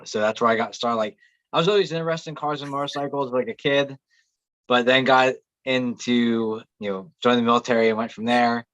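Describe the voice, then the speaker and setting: A man speaks at an ordinary middle pitch, plain and matter-of-fact, with halting restarts. His voice comes over a video call and sounds dull and lo-fi. The recording is dry, with no room sound. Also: steady tone, a bit bright, no room sound. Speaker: podcast co-host, mechanic. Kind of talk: casual chat.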